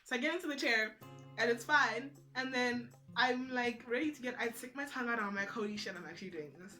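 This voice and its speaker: Bright-voiced young woman telling a story. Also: fairly high pitch, a little fast, faint music behind. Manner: animated, acts out other people's lines in quotes. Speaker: vlogger. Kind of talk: casual storytelling to camera.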